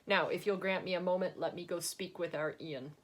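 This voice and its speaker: A woman's voice: fairly low pitch, steady tone, a little fast, lightly acted. A woman reading as a haughty old matron. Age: older. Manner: haughty, clipped and condescending. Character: stern condescending older woman, children's home matron.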